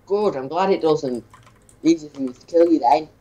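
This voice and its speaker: A man's voice: fairly high pitch, normal speed, lo-fi sound. Dry-witted man teasing a friend. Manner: dry, teasing, deadpan put-downs. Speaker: friend playing along. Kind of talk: casual gaming banter.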